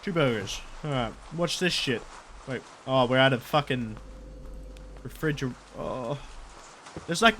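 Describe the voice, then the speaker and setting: A man's voice: medium pitch, animated, unhurried, pauses often, fairly bright tone, slight background noise. A man doing crude, joking let's-play commentary while he plays. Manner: crude, joking, swears a lot. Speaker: gaming YouTuber.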